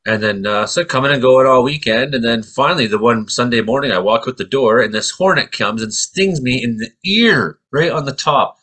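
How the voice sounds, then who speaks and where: A man in casual chat, telling an animated story and acting out quoted voices with high yelps. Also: moderate pace, hardly any pauses, breathy edge.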